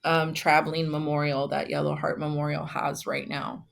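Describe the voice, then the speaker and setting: Guest woman from Texas, low and flat delivery, slow, earnest, pausing. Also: vocal fry. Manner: earnest, many "um" pauses. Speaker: memorial founder, guest. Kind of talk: casual interview storytelling.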